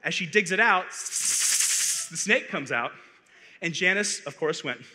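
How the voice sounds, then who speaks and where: A man from Arizona, a conference speaker, telling a funny story in a playful, animated way, on a stage microphone in a large hall. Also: high voice, slow, background noise. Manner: animated, playful, building comic tension. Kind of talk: comic storytelling talk. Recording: echoey hall reverb.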